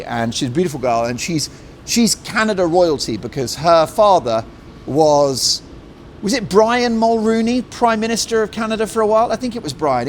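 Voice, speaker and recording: A middle-aged man delivers a talk show monologue in a fairly high voice that swings widely as he mocks and jokes. His manner is animated and opinionated, and a faint hiss runs under the recording. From Britain. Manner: animated, mocking, swings into jokey put-on voices.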